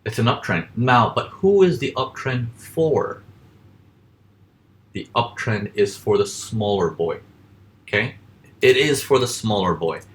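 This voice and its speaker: This is a mid-range male voice, pushed and bright, leading a casual live forex class over charts. He fires off questions only to answer them himself and plays out frantic traders in quick voices.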